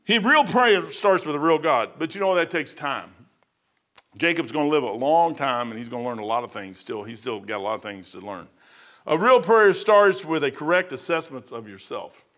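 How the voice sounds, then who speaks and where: A man's voice: medium pitch, fairly bright tone. A middle-aged man preaching a verse-by-verse sermon in a folksy, rambling way, often saying "man" and half-singing hymn lines. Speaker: pastor.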